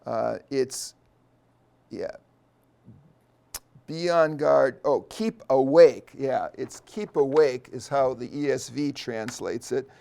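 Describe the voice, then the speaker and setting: A middle-aged man, a seminary professor, explaining a Bible passage in an unscripted lecture. He is thoughtful and pauses often, with many fillers and restarts. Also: mid-range voice, gravelly, a little mellow.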